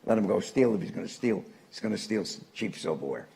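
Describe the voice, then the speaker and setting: A man's voice: low voice, fast, vocal fry. An older man from Newark, telling anecdotes to a live audience as a guest speaker. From Newark, New Jersey. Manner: animated anecdotal storyteller, chuckling punchlines.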